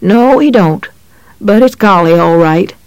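A reader voicing an elderly white-haired country veterinarian who speaks in a calm, serene rural drawl in an audiobook. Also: mid-range voice, measured pace, clear, resonant tone, no room sound, poor audio. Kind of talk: audiobook character voice.

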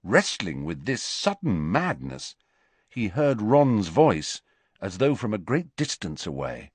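A man narrating a novel with a lower voice and animated, expressive intonation. His storytelling is measured and clear. The recording is dry and close. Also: no room sound. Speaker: audiobook narrator. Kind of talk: scripted narration.

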